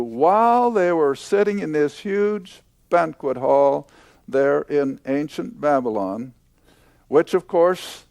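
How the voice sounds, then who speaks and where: An older man teaching a Bible lesson to a class, slow and emphatic, repeating key points. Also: fairly high pitch, a little mellow, dry recording.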